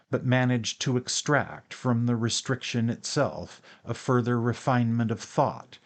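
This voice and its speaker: A man reading a classic novel as an audiobook narrator, in a measured, even way through long sentences. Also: medium pitch.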